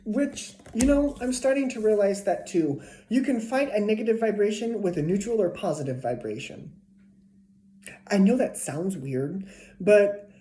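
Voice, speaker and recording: A woman's voice: lowish voice, warm tone. A woman giving a casual tarot reading to a zodiac sign, chatty and repeating herself, sometimes dropping to a whisper. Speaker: tarot reader. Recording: echoey room with faint noise.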